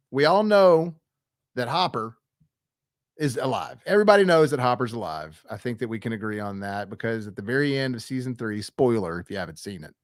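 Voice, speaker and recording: A man's voice: mid-range voice, no room sound, studio quality. A young man hosting a movie news show, chatting casually and enthusiastically with fillers and asides to viewers.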